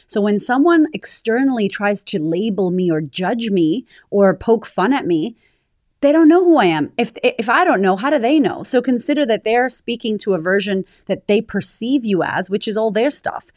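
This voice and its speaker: In a candid interview conversation on a podcast, a US confidence coach shares her story openly and with emphasis. Her mid-range voice is a little mellow, recorded dry in studio quality.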